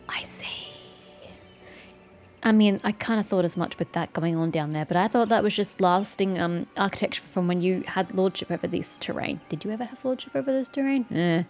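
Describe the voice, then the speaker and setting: A woman's voice: mid-range voice, a little fast, a little mellow. A woman gamer with a sore throat, giving sarcastic, chatty commentary while she plays. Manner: sarcastic, chatty, teasing characters. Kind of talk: let's-play commentary. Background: faint game music.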